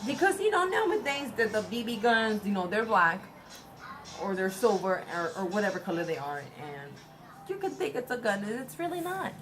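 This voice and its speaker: A young woman telling a personal story in a casual, halting way, often repeating and restarting her words. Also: medium pitch, very animated, fairly bright tone, poor audio. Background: music.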